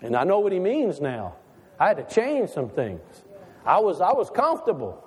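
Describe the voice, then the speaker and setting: High-voiced folksy preacher in a reverberant hall. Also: male voice, wildly swooping pitch, normal speed, husky. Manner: folksy, conversational preaching with rhetorical questions. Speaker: pastor. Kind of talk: sermon. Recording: long reverb of a large hall.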